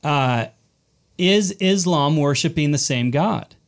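Explaining man, slightly high voice. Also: animated, slow pace. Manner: explanatory, repeats words at starts. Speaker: sermon series teacher. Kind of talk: conversational teaching in a panel.

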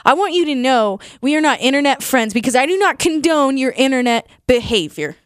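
A woman's voice: high voice, expressive, fairly quick, no room sound, clean studio sound. A woman performing an improvised comedy sketch, blunt and mock-scolding, often cutting in.

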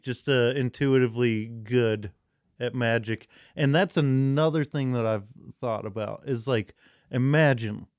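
A man co-hosting a podcast, chatting casually in a rambling, profane, excitable way. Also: mid-range voice, clear, resonant tone, dry recording, studio quality. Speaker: podcast co-host. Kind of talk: casual chat.

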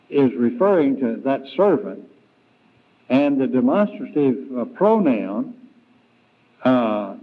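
A man preaching an evening Bible lesson, slow and deliberate, with frequent fillers and restarts. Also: medium pitch. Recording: tinny, phone-like 1990s church tape.

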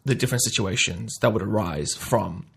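A man with a gravelly, husky voice hosts a casual podcast chat. He acts out little scenes playfully, jumping between hushed asides and loud bursts. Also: lowish voice, normal speed. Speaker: podcast host.

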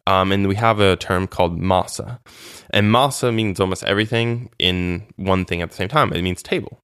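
A man's voice: sits low, normal speed, clear, resonant tone, no echo, clean studio sound. A man being interviewed about his time as a volunteer, telling chatty stories with many fillers and restarts. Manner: chatty, animated storytelling with frequent fillers and restarts. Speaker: interview guest, former volunteer. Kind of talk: casual conversational interview.

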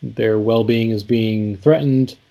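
Slow, creaky and mellow, this fairly low male voice belongs to a co-host casually discussing song lyrics. He works through them thoughtfully, full of fillers and restarts.

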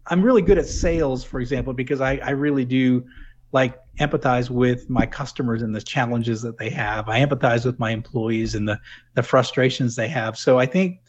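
A man's voice: medium pitch, muffled recording. A middle-aged man from New England with no regional accent, reflecting at length in an interview, with many restarts and "you know" fillers. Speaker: guest, former corporate plant manager. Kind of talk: conversational interview.

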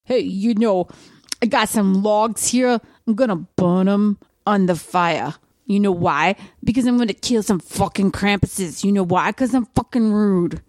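A woman's voice: mid-range voice, measured pace, a little mellow, dry recording, natural voice. A woman putting on a Northern US accent, playing a rude, swaggering tough talker. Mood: brash. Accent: put-on Northern US. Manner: brash, swaggering.

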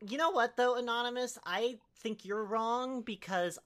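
A woman's voice: a little high, moderate pace, a bit bright. A young woman co-hosting a casual group chat, sarcastic and swearing, reading posts aloud with frequent laughter. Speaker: podcast co-host reading posts.

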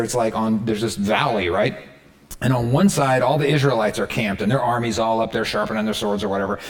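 A man preaching a sermon in a casual, conversational way, retelling a story and checking in with his listeners. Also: medium pitch. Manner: conversational, animated, keeps checking in with the audience. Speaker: pastor.

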